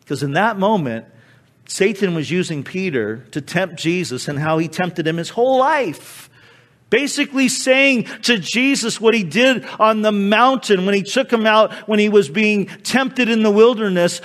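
Male pastor, high-pitched, dramatic sermon delivery with sharp dynamic shifts. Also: animated, normal speed. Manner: dramatic, acting out quoted speech with sudden drops and swells.

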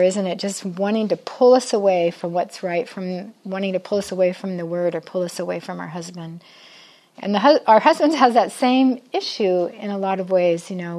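A woman's voice: mid-range voice, a little mellow. An older woman giving a chatty, conversational Bible teaching to a group of women, often asking her listeners questions. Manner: chatty, asks the audience questions.

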